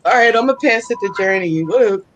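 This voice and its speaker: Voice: mid-range voice, lively intonation, fast talker, fairly bright tone, rough recording. Chatty, laughing psychic reader. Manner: chatty, laughs often, relays spirit voices. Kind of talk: casual live psychic reading.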